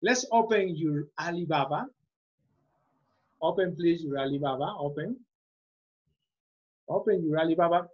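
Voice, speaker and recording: A man's voice: high-pitched, breathy edge, lo-fi sound. A Spanish-speaking man teaching English online, giving patient, repetitive instructions through a computer mic on a video call.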